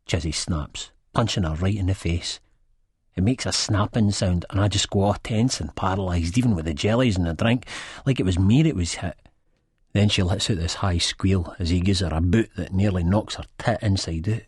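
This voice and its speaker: A man's voice: low voice, moderate pace, slightly rough, no echo, studio quality. A man with a Scottish accent narrating an audiobook in first person, in a mumbling, hesitant way.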